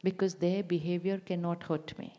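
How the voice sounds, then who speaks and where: A woman's voice: lowish voice, flat delivery, normal speed, mellow. A woman giving a spiritual talk to a live audience in a room, repeating phrases for emphasis and putting questions to her listeners. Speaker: spiritual speaker.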